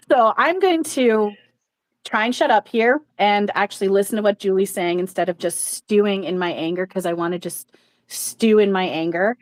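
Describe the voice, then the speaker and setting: A woman's voice: medium pitch, fairly quick, no echo. A woman hosting a live stream, talking bluntly and rambling with lots of fillers, swearing freely. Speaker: channeler and livestream host. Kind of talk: casual livestream chat.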